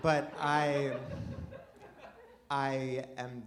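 A man's voice: mid-range voice, flat delivery, extremely slow, heavy background noise. A man doing a stand-up comedy set at a live venue, chatty and self-deprecating, with many restarts and laughs.

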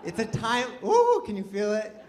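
A man's voice: sits high, wildly swooping pitch, moderate pace, darkish tone, slight background noise. Rambling self-deprecating stand-up man. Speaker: stand-up comedian. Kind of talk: stand-up comedy set. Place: live comedy venue with audience.

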